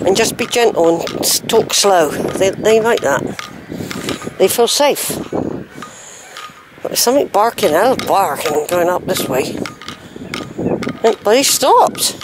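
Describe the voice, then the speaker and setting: A woman's voice: medium pitch, lively intonation, slow, pauses often. A woman narrating a walking vlog outdoors on a lane, chatting and musing aloud to herself. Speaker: hiking vlogger. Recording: noisy outdoor recording with dogs barking.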